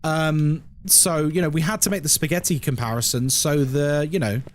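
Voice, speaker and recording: A man's voice: a little high, normal speed. A British man chatting casually on a live stream, wry and sarcastic as he answers his chat. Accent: British English. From Britain.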